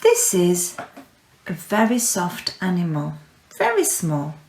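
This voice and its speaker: A woman teaching French to young children in a recorded lesson, speaking clearly and encouragingly and repeating words for her pupils. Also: fairly low pitch, huge pitch swings, slow, darkish tone. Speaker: primary school French teacher. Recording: echoey room.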